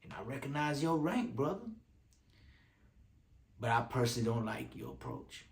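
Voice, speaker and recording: A man's voice: mid-range voice, very animated, normal speed, creaky, roomy sound. A man giving casual video commentary, talking in streetwise slang and repeating lines for emphasis.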